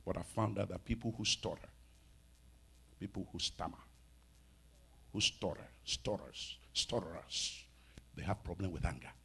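A man in his fifties preaching a sermon as pastor, animated, with sudden shouts and soft asides. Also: deep voice, normal speed, creaky, long pauses, slightly rough. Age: 50s.

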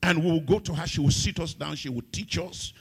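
With a brisk, husky delivery, a middle-aged pastor from Africa gives a sermon that moves from loud, sung-out phrases to hushed, low asides.

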